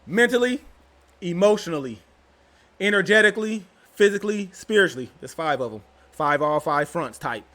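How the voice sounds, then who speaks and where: A young channel host talks directly to his viewers in casual vlog commentary, slangy and rambling. His voice is high-pitched and animated, at normal speed, with a slightly bright quality.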